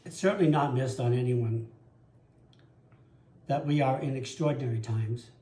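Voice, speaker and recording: A man's voice: medium pitch, moderate pace, mellow. A man preaching a sermon as pastor, telling personal stories in an earnest way. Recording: roomy echo.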